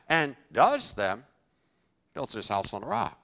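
A man preaching in a bright, forceful voice that leaps around in pitch. He punches key phrases loudly, then drops to a near-murmur, and answers his own rhetorical questions. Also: huge pitch swings, a little slow, creaky, pauses often. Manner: emphatic, with sudden loud bursts and drops to quiet. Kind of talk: sermon.

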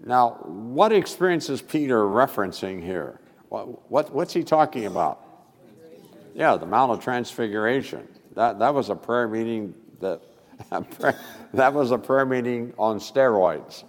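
A male pastor preaching a sermon with expressive delivery and sudden loud emphasis. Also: mid-range voice, measured pace, big-room sound.

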